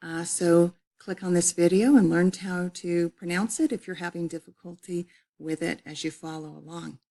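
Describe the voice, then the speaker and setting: A woman's voice: on the low side, steady tone, moderate pace, dark tone. A middle-aged woman teacher walking students through her online college English course, explaining with repetition and frequent fillers. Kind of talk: recorded online course walkthrough.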